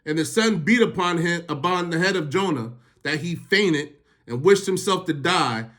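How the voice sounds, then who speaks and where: High-voiced man explaining scripture casually. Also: lively intonation, moderate pace, fairly bright tone. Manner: reads verses, then paraphrases them in slangy street talk. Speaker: Bible teacher.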